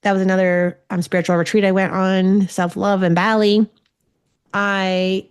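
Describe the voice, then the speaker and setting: A woman's voice: medium pitch, normal speed, darkish tone, clear, resonant tone. A woman in her forties hosting a podcast as a spiritual medium. She tells stories in a chatty, casual way and swears freely. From Ontario, Canada. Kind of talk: casual solo podcast chat.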